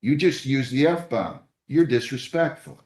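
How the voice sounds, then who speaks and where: A man's voice: mid-range voice, measured pace, darkish tone. A man presiding as a judge at a bond hearing, stern and scolding.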